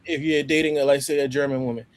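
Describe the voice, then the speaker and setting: An American man in casual podcast chat, animated, laughing often and restarting his sentences. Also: mid-range voice, fast. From United States.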